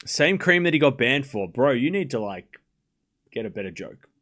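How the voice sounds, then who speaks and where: A man at medium pitch, sing-song and a bit bright at normal speed, hosts a live stream watching tennis. He casually calls out the score and each shot, chats with viewers, thanks his supporters, and playfully scolds chat.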